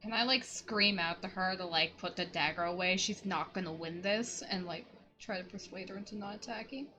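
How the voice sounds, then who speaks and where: A woman's voice: mid-range voice, a little fast, sharp tone, lo-fi sound, soft background music. A woman playing in an online tabletop game, chatty, repeating words and saying like often. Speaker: player. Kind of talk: casual chat during a tabletop game.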